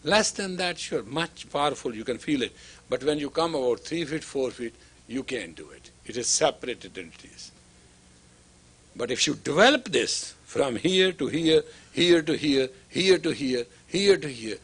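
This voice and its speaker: Man, spiritual teacher, husky voice, lively swooping delivery, emphatic repetition. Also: on the high side, measured pace. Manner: emphatic, repetitive, acts out dialogue. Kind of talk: lecture to students.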